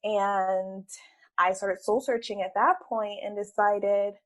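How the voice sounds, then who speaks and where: A woman's voice: medium pitch, little pitch movement, takes it slowly, low-quality recording. A woman appearing as an interview guest, an entrepreneur telling her story in an open, earnest way. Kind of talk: conversational interview.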